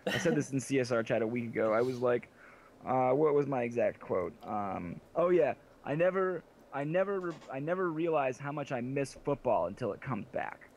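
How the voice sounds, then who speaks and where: A man with a gravelly, fry-edged voice of middling pitch, talking loosely on a podcast. He rambles, swears freely and jokes. A faint hiss sits under the recording. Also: lively intonation, darkish tone. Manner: profane, rambling, quick to joke. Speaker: game server admin and podcast host. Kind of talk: casual podcast chat.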